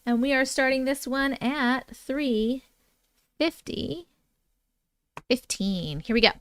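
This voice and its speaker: Speaking slowly in a high, fairly bright and clean voice, a woman hosts a livestream with no room sound. She chats casually with her audience, reads their stories aloud, and interrupts herself with startled reactions.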